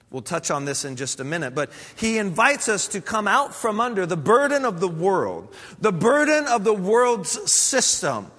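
A man with a high voice delivers a sermon as pastor. He speaks earnestly and steadily, building points through repetition. A long reverb trails his words, as in a large hall. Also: bright, forceful tone. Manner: earnest, measured preaching with repeated phrases.

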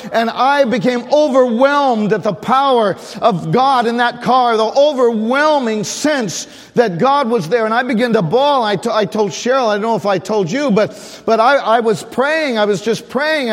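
An older man preaches in a church, his voice sitting high for a man. He speaks with earnest fervor and calls out to the congregation for responses. A long reverb from the hall trails each phrase. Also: normal speed, few pauses. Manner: earnest, fervent preaching with audience call-outs. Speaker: pastor. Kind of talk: sermon. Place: church sanctuary.

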